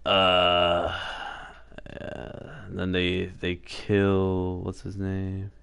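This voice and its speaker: A man with a deep voice recaps a game's story in casual commentary. His delivery is flat and meandering, full of fillers, restarts and offhand swearing. The sound is smooth and dry, close to the mic. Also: drawn-out words, no room sound. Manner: rambling story recap with fillers and self-corrections; profane, offhand. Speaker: gameplay streamer.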